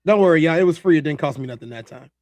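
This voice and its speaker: A man's voice: on the high side, racing. A man hosting a live reaction stream, laughing, talking to his chat and reading their comments aloud. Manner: animated, laughing, talks to chat. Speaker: streamer host reacting to a video.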